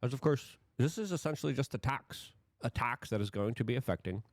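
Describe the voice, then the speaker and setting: A man's voice: mid-range voice, brisk, dry recording, clean studio sound. A man giving heated political commentary, sarcastic and stumbling through restarts. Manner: sarcastic, animated, repetitive restarts.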